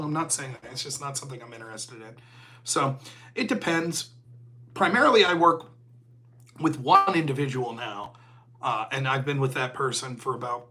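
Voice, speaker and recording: A middle-aged American man talking casually as a podcast host, telling stories, acting out dialogue and swearing freely. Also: a little high. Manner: animated storytelling, acts out dialogue, swears freely. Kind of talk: casual monologue.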